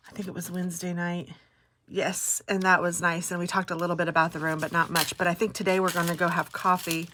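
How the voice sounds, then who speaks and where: A woman's voice: lowish voice, little pitch movement, fast talker, background noise. A middle-aged woman vlogger telling stories in a casual, chatty way, often breaking into exclamations.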